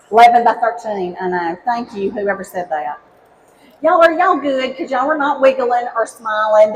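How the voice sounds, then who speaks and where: This Alabama-born cooking demonstrator, formerly a high school teacher, speaks in a fairly high voice with a Southern accent during a live demo. Cheerful, folksy and talkative, she keeps pulling the audience at the outdoor stage into it. Expect a rough recording with slight background noise.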